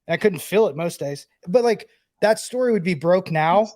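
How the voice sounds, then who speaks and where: A man's voice: high voice, animated, moderate pace, darkish tone. A man co-hosting a sports podcast, a former player turned broadcaster who talks in a loose, rambling way full of "like". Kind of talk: casual sports podcast chat.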